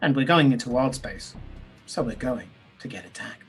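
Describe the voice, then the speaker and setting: A man voicing a calm, formal male ship AI who speaks in a polite, measured way. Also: mid-range voice, faint music behind. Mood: dry, formal.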